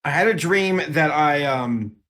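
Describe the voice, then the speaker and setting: Man, podcast co-host, casual chat, dry deadpan delivery. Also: fairly high pitch, a little slow.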